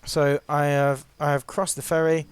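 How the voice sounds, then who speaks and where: A man's voice: on the high side, flat delivery, normal speed, clear, resonant tone. A man giving casual, playful, self-mocking commentary while narrating his gameplay.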